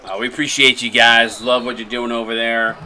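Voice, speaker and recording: Bright-voiced man casting a sim basketball stream. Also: mid-range voice, flat delivery, a little fast, a little hiss or hum. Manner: rambling, restarts often, thanks viewers. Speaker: play-by-play caster and stream host. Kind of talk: casual live-stream game commentary.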